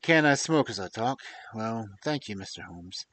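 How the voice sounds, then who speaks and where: A man reading aloud and voicing a bold, genial older gentleman with a mellow voice and a half-American, half-English accent, speaking loudly and confidently. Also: fairly low pitch, lively intonation, normal speed. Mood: hearty. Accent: mixed American and English. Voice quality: mellow, pleasing. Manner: loud, hearty, confident.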